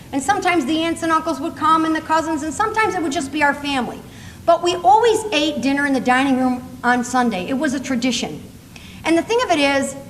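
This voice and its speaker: A middle-aged woman speaking at a conference, telling funny stories in a chatty, animated way and laughing often. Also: sits high, a little hiss or hum. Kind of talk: humorous storytelling talk to a live audience. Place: large conference hall. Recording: reverberant hall with faint ambience.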